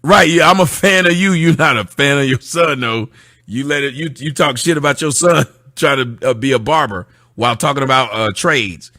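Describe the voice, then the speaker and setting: A man's voice: mid-range voice, normal speed, bright, forceful tone, no room sound, clean studio sound. Sarcastic man ranting at his chat. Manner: sarcastic, mocking; reads out and answers viewer comments. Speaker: livestream host. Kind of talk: casual livestream rant to chat.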